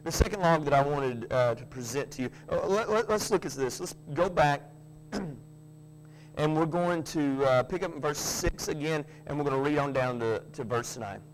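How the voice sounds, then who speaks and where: A man's voice: fairly high pitch, a little fast, hardly any pauses, slight background noise, rough recording. A man preaching a sermon, folksy, with joking asides and frequent restarts. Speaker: pastor.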